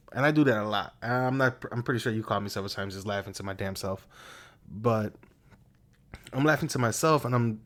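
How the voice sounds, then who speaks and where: A man's voice: mid-range voice, a bit bright. A man co-hosting a podcast, telling stories in a crude, joking way and laughing often. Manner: crude, storytelling, laughs a lot. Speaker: podcast co-host. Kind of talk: casual chat.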